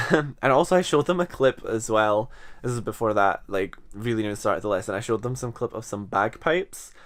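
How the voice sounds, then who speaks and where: A man in his twenties, an English teacher with a mild Scottish accent, talks unscripted to a camera in front of him about his teaching. His voice is on the low side at a moderate pace, and he rambles in a self-deprecating way.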